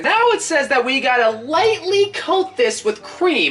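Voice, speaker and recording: A woman hosting a casual cooking vlog, talking in a playful, joking way with excited exclamations. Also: fairly high pitch, slow, soft background music. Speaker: cooking video host.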